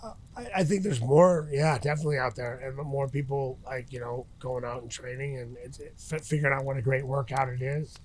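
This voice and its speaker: A man's voice: mid-range voice, steady tone, fairly quick, hardly any pauses, a little hiss or hum. A middle-aged man talking casually as an interview guest outdoors by a campfire, rambling with many restarts and fillers. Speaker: interview guest, retired fighter.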